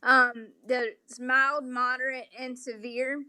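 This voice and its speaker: Bright-voiced Southern woman explaining patiently. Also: high-pitched, little pitch movement, slow, clean tone. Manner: polite, explanatory, many um fillers. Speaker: interview guest. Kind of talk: remote interview conversation.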